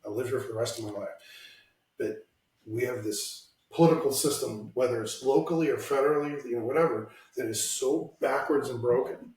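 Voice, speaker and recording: Blunt, profane male podcast host, mid pitch, recorded off-mic in an echoey room. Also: brisk, a little mellow, far from the mic. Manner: blunt, ranting, swears freely. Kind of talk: casual political chat. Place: home room, lives in Washington state. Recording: roomy echo, somewhat off-mic.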